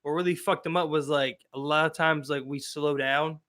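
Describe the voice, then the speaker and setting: A man's voice: a little high, fairly even intonation, normal speed, a bit bright. A man with a Baltimore accent co-hosting a podcast in casual banter, rambling and laughing often. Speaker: podcast co-host.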